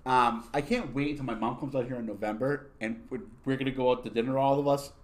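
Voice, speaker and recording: This is a man from upstate New York chatting on a podcast, loose and profane, winding himself up into animated rants. His voice sits at an ordinary middle pitch for a man, and his talk is full of crude jokes and quick riffs. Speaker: podcast co-host. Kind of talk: casual podcast banter.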